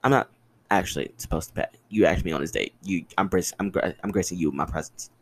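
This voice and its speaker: A man's voice: low-pitched, quick pace, a little hiss or hum. A young man in his twenties hosting a podcast alone, telling personal stories in a casual, profane and dramatic way and answering his own questions. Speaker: podcast host. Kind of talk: casual storytelling monologue.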